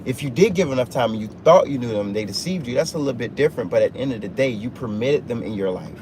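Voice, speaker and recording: Speaking from inside a truck on a phone livestream, a man delivers an unscripted motivational talk, hammering his points with emphatic, repetitive, preacher-like phrasing. His mid-range voice is a little mellow, with lively intonation and a quick pace. The cabin noise of the vehicle is audible throughout.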